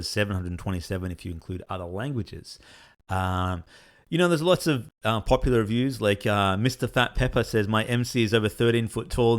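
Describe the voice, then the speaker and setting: A man, a solo game developer, talking candidly and rambling with many fillers. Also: fairly low pitch. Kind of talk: casual talk to camera.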